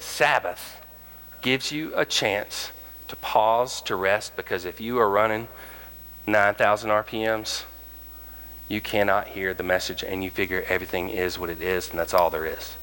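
A man delivers a sermon as pastor, his lowish voice bright and forceful. He animates his stories by acting out the voices of the people in them. The sound carries the long reverb of a large hall. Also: moderate pace. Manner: animated, acts out quoted voices.

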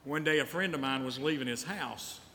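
A man's voice: medium pitch, normal speed, pushed and bright. A man preaching a sermon as pastor, telling stories and repeating key lines for emphasis. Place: church sanctuary. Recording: church hall reverb with faint noise.

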